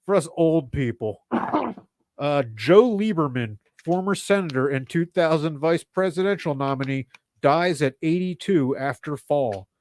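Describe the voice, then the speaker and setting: A middle-aged man from the Philadelphia area co-hosting a comedy podcast, reading news jokes in a deadpan way. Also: on the high side, unhurried. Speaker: podcast co-host. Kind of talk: casual comedy podcast chat.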